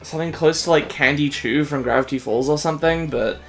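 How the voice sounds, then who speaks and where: Gravelly-voiced man chatting casually. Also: fairly high pitch, fairly quick, faint music behind. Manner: rambling, hesitant, with fillers and laughs. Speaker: let's play host. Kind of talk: casual chat.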